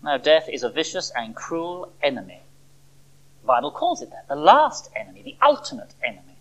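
Heard over poor audio, a preacher with a medium-pitched voice addresses a church service. His sermon is expressive, full of rhetorical questions and dramatic pauses.

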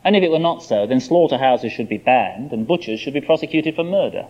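A man's voice: mid-range voice, animated, a little fast. A man preaching a sermon, explaining a scripture passage in an emphatic, expository way. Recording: dull lo-fi sermon recording.

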